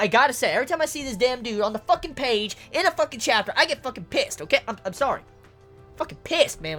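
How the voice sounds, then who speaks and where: A manga reviewer giving casual video commentary, ranting excitably with lots of swearing and stuttered repeats. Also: mid-range voice.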